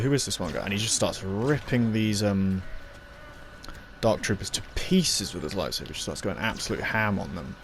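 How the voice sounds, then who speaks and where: A man's voice: fairly low pitch, a little hiss or hum. Rambling man recapping a show. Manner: rambling, full of fillers and acted-out quotes. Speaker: reviewer. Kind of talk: casual spoken review, recapping scenes.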